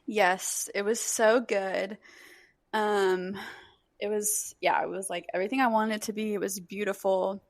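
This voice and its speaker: A woman's voice: mid-range voice, steady tone, a little slow, no echo, clean studio sound. A young woman co-hosting a podcast, telling stories in casual chat with lots of fillers. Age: young adult. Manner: chatty storyteller, many fillers. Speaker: podcast co-host.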